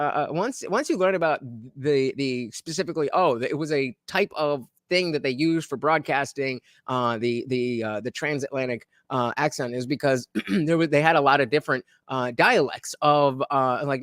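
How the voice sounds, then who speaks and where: A man's voice: a little high, a bit bright, no echo, studio quality. A man hosting a livestream, chatting casually to his viewers and reacting to a podcast clip, rambling with lots of fillers and restarts. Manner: chats directly to viewers.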